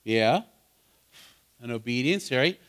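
A man's voice: medium pitch, lively intonation, slow pace, fairly bright tone. A man preaching in a conversational way, asking his listeners questions and building to fervent emphasis. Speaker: pastor teaching a Bible study. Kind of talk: interactive sermon.

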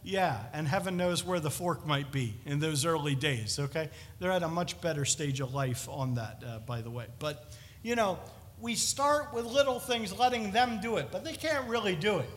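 Bright-voiced preacher in an echoing chapel. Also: male voice, on the high side, normal speed. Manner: conversational, animated, jokey asides. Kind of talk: sermon. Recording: long reverb of a large chapel.

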